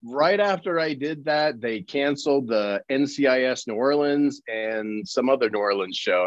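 A man from Colorado, an actor guest on an interview podcast, telling lively anecdotes and acting out the people in them. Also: mid-range voice, normal speed, hardly any pauses, dry recording. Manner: animated storyteller who acts out quoted people. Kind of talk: casual interview storytelling. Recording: slightly dull, dry recording.

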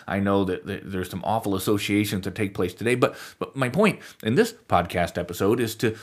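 A man hosting a podcast, delivering scripted commentary with wry, sarcastic asides. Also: lowish voice. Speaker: podcast host.

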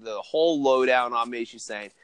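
A man's voice: medium pitch, moderate pace, smooth, no echo. A man telling a profane story on a comedy podcast, laughing through it.

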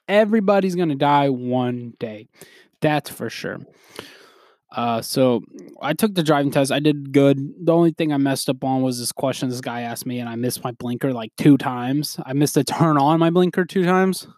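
A young man hosting a casual solo podcast, rambling through a story with laughs and quick restarts. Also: medium pitch, a little mellow, no echo, clean studio sound. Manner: rambling, laughing, quoting others in put-on voices. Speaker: podcast host.

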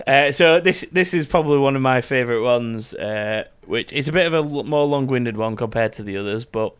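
A man's voice: medium pitch, moderate pace, smooth. A man hosting a podcast, reading out listener stories in a rambling, jokey way and swearing freely. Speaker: podcast host.

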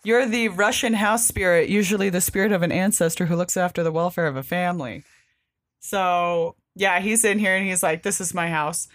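A woman co-hosting a casual chat about comics. She talks in an animated way, with many fillers, and acts out lines of dialogue in quick put-on voices. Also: lowish voice, dry recording, studio quality. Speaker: podcast co-host.

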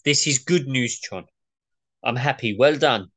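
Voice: mid-range voice, a little slow, lightly acted. A performer reading a demanding, impatient male boss on a call in a comedy table read, brusque and exasperated.

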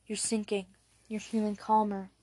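A woman reading the part of a calm male hypnotist doctor in an audiobook, coaxing gently with soft questions. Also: medium pitch, normal speed, no echo, close to an everyday voice.

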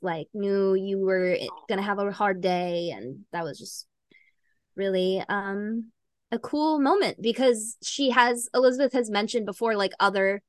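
A woman's voice: medium pitch, no echo. A young woman podcast host telling a personal story in casual chat, rambling with lots of fillers and little laughs.

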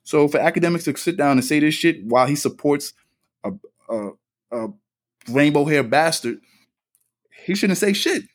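A man's voice: on the high side, animated, normal speed, pauses often. A man, co-hosting a casual podcast over a call, blunt and profane. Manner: blunt, profane, laid-back. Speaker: podcast co-host.

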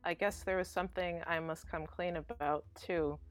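A woman voicing a blunt female fighter with a deadpan, matter-of-fact delivery. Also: lowish voice, normal speed, soft background music. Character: Chug, a blunt female fighter who doesn't get jokes.

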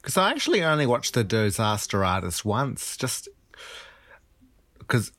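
A man joining a podcast chat over an online call, speaking in a halting, thoughtful way. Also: medium pitch, very animated, fairly bright tone. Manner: halting, thoughtful, restarts often. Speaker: podcast co-host. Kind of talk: casual chat.

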